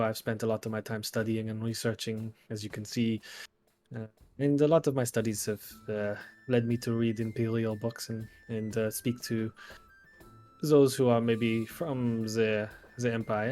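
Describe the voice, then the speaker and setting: A man playing a charming male artificer with mechanical arms, speaking with a put-on French accent and a theatrical, flattering manner. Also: mid-range voice, normal speed, faint music behind, lightly acted. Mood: evasive. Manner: theatrical, smooth-talking, flattering. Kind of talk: tabletop role-play in character.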